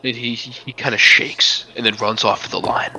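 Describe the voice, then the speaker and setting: Bright-voiced man narrating a tabletop game. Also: mid-range voice, fairly even intonation, normal speed, slightly rough, low-quality recording. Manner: dramatic storytelling, often dropping to a hush. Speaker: game master.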